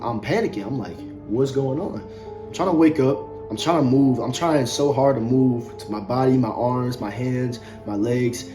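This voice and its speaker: A young man tells a personal story straight to his viewers, casual and rambling, stumbling over and repeating his words. His voice sits in a middle pitch. Music plays clearly underneath him. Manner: loose, conversational, many fillers and repeats. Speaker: vlogger.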